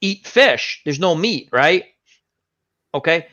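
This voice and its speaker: A man hosting a casual chat, telling an animated anecdote and acting out the voices of the people in it. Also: fairly high pitch, slow. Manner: animated anecdote teller, acts out quoted voices. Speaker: host. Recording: dull lo-fi stream audio.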